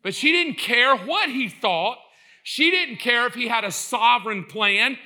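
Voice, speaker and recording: A man preaching a sermon in an animated way, acting out the voices in his story and building to impassioned shouts. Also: very high voice, measured pace.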